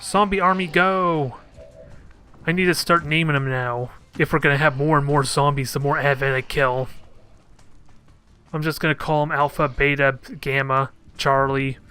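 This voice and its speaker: A man with a mid-range, pushed, bright, smooth voice and fairly even intonation speaks at a moderate pace. In casual let's play commentary on his own strategy gameplay, he thinks aloud and cracks joking asides at his units.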